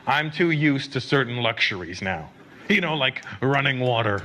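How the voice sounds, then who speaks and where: A North American man doing stand-up comedy, telling stories with lively swearing asides. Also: mid-range voice, normal speed, very noisy. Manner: animated storytelling with swearing asides.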